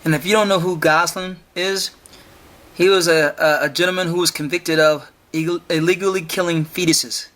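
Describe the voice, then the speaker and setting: In an argumentative solo podcast monologue, the host speaks at normal speed in a slightly bright, high-leaning voice with fairly even intonation. He's emphatic and repetitive, throws out rhetorical questions and stumbles over repeated words.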